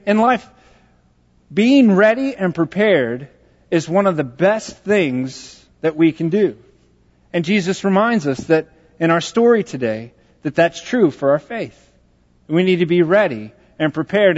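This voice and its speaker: High-pitched pastor guy from texas joking through a story sermon, muffled, long church echo. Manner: conversational and joking, with self-deprecating asides. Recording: dull sound in a large reverberant hall.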